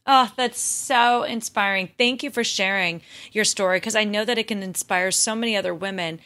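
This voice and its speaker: A woman's voice: medium pitch, moderate pace, bright, forceful tone. A woman doctor hosting an interview podcast, talking effusively and retelling stories with animation. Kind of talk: conversational interview.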